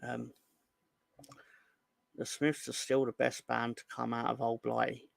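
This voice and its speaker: A man's voice: medium pitch, little pitch movement, unhurried, creaky, no room sound. A young man hosting a fan live stream, ranting in an exasperated, sweary way and reading out chat hellos. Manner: exasperated, sweary, rising into angry outbursts. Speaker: fan channel host.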